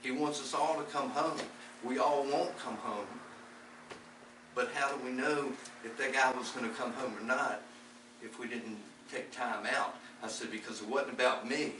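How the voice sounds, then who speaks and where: A man gives a heartfelt, rambling testimony in a church setting, stumbling over repeated words as he goes. He is recorded from a distance in an echoing room. Steady background noise runs under his voice. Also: medium pitch, measured pace. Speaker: lay preacher. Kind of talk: testimony-style faith talk.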